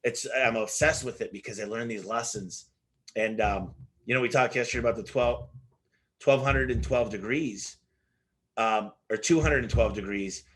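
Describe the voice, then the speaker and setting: A man telling animated stories as an interview guest, acting out the dialogue in his anecdotes with frequent restarts. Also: lowish voice, moderate pace. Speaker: business owner guest. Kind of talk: casual interview storytelling.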